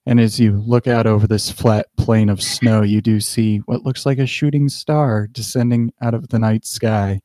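A man with a low, mellow voice runs a tabletop game and narrates the scene at an easy, halting pace. The sound is dry and close, with no room around it. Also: dry recording. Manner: relaxed, halting scene-setting with fillers. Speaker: game master.

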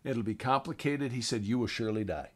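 A man's voice: mid-range voice, brisk. A man co-hosting a casual Bible study, adding points and paraphrasing verses in plain everyday speech. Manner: enthusiastic, paraphrases in lively everyday phrases. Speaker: co-host.

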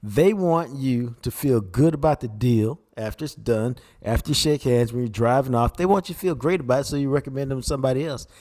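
Mellow-voiced male sports co-host. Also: mid-range voice, a little fast, hardly any pauses. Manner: steady, conversational, says "man" often. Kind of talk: casual football analysis.

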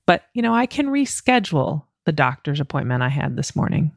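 Candid woman podcast host, gravelly edge. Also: low voice, sing-song, brisk, dry recording, studio quality. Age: middle-aged. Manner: candid, self-deprecating, laughs often. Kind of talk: solo podcast, coaching monologue.

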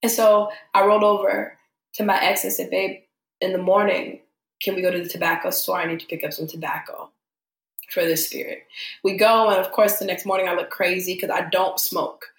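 A woman's voice: fairly low pitch, fairly quick, echoey room. A young adult woman telling a story in casual chat, acting out the voices of the people she quotes. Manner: animated, acts out quoted voices. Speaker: podcast guest.

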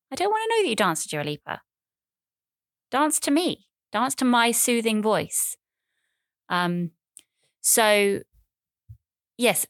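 A woman's voice: low-pitched, gravelly, dry recording, clean studio sound. A woman in her thirties hosting a podcast, talking in a rambling, chatty, self-deprecating way and repeating phrases. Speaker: podcast host. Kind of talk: casual solo podcast monologue.

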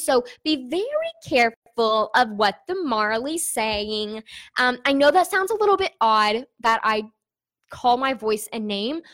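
A woman's voice: high-pitched, fairly bright tone. A young woman running an online business, talking candidly and chattily to her viewers in a casual vlog, with lots of fillers.

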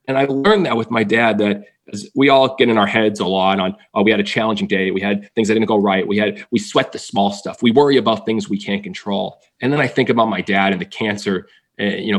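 A man in his thirties who tells personal stories as a guest in a conversation, animated and upbeat. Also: fairly low pitch. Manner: energetic, animated storyteller. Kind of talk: storytelling interview.

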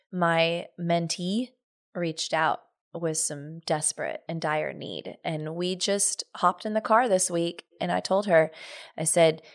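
A woman co-hosting a podcast, talking in an earnest, reflective way in casual chat. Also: lowish voice. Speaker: podcast co-host.

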